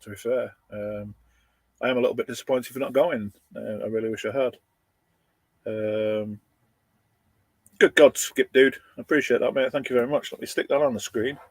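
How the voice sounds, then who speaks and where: A man's voice: mid-range voice, no room sound. Man, middle-aged, casual live chat, dry close sound. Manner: chatty, thanks viewers by name, laughs between lines. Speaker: livestream host reading viewer comments. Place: his van.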